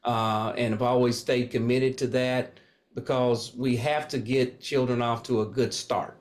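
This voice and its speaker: A man's voice: medium pitch, fairly even intonation, a little slow. An older man from Kentucky, a pastor and candidate, speaking earnestly in an interview with frequent fillers. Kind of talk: casual interview talk.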